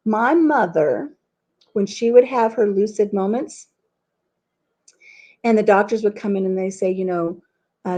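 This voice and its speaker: A woman's voice: medium pitch, moderate pace, long pauses, warm tone. Middle-aged woman, live-stream host, chatty, rambling, casual home webcam. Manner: chatty and rambling, reads viewer comments aloud, laughs at her own stories.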